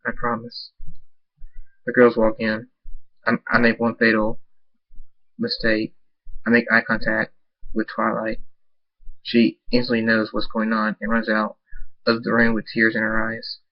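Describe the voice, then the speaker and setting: A man reads his own fan fiction aloud in a flat, even voice. He stumbles and repeats words as he goes. The recording is dull and lo-fi. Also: on the low side, measured pace, long pauses. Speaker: storyteller.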